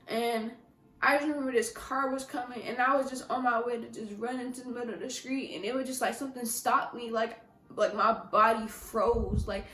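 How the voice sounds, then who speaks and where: A young woman telling a personal story on her vlog, speaking softly and emotionally with halting restarts. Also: on the high side, roomy sound, poor audio. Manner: soft-spoken, emotional, halting with many restarts. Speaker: vlogger.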